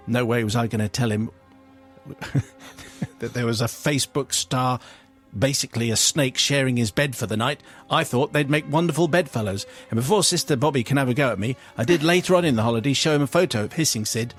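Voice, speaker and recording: A man's voice: fast talker, soft background music. Radio host man reading a letter. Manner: comic storytelling, swings into high squeals for the letter writer's cries. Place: radio studio.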